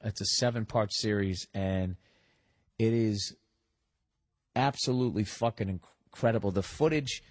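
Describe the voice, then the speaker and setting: A man's voice: lowish voice, unhurried, pauses often, no room sound. A middle-aged man hosting a podcast, reading listener letters in a casual, profane, sarcastic rant and arguing with himself over the details. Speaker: podcast host.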